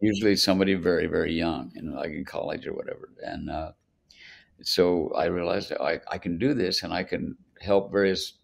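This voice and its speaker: A man's voice: low-pitched, fairly even intonation, fairly quick, gravelly. An older man, a songwriter guest on a podcast, telling long anecdotes with many restarts. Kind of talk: storytelling in a podcast interview.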